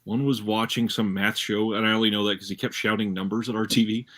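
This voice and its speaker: A married man with kids, co-hosting a casual film podcast, who tells relaxed stories and chimes in with short agreements. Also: on the low side, fast.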